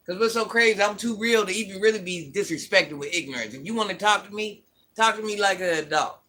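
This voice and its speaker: Speaking fast in a mid-range voice that sounds pushed and bright, an older woman runs a casual livestream. She talks back to viewer comments with blunt, sassy scolding.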